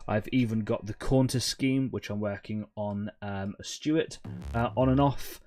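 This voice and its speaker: A man's voice: lowish voice, normal speed, darkish tone. A man, hosting a live painting stream in a rambling, chatty way with lots of fillers. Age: 30s. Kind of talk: casual live-stream chat. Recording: faint music behind.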